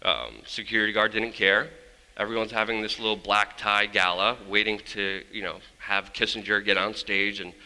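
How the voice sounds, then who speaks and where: A man, a journalist, giving an energetic, blunt storytelling talk on a conference stage, swearing casually as he goes. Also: on the low side, normal speed. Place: large conference hall stage. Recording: long hall reverb.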